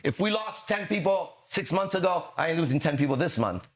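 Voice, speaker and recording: A man's voice: fairly high pitch, animated, a little fast. A man hosting a podcast as a mindset and relationship coach, talking in a brash, swaggering, profane monologue full of rhetorical questions.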